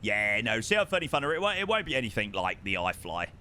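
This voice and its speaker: A chatty man with a southern English accent, casually talking through a live stream and reacting to chat. His voice swings up and down a lot and has a bright, forward edge. He swears freely and keeps things loose. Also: on the low side, very animated, fast, a little hiss or hum. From southern England. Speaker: flight sim streamer.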